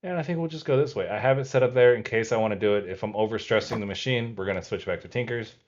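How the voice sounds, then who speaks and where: A man with a lowish voice hosts a casual let's-play, racing through his commentary as he explains each step of his video game session aloud. He sounds relaxed, talking himself through tasks. The recording is lo-fi.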